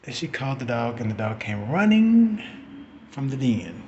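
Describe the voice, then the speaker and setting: A man in his forties telling a personal story in a casual, animated way, swearing and acting out what people said. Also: medium pitch, moderate pace, highs cut off, a little hiss or hum. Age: 40s. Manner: animated, profane, acting out quotes. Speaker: vlogger.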